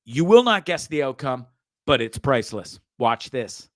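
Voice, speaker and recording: A man's voice: medium pitch, very animated, normal speed, fairly bright tone, no echo, clean studio sound. A man hosting a show, casually commenting on videos with frequent swearing, stammered repeats and laughter. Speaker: show host.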